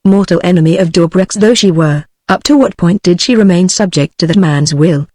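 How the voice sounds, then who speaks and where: A synthetic British woman's voice narrating an audiobook in an even, measured way. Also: lowish voice, no echo. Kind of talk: text-to-speech book reading.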